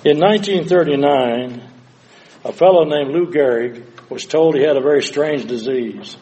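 An older man delivers a sermon with a fairly high voice. He drops to a hush, then rises to dramatic cries. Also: moderate pace, a little hiss or hum. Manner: dramatic, swings from hushed to loud. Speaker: preacher.

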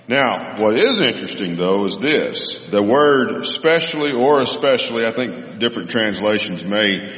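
Man, low voice, Bible teacher, explaining with pauses, roomy hall with long reverb. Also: a bit bright. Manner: thoughtful, explanatory, with many pauses and fillers. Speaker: preacher answering Bible questions. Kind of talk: Bible lesson.

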